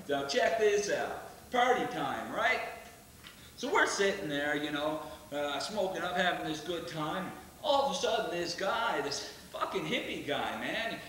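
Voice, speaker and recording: A man acting out a rowdy young stoner, high-voiced and rambling with crude laughs. His bright, sharp tone rings out across a theatre stage. It is recorded from well back in the room, with heavy echo. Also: slight background noise, heavily acted. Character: rowdy young male stoner bragging about a wild ride. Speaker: stage actor in a one-man show. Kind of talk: theatrical monologue. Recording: echoey stage from far off.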